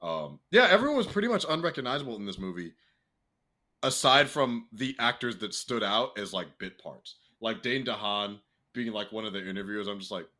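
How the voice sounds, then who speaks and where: A young man co-hosting a casual podcast, talking freely with swearing and laughter, jumping into a high excited voice. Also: a little fast. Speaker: podcast co-host. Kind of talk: casual chat.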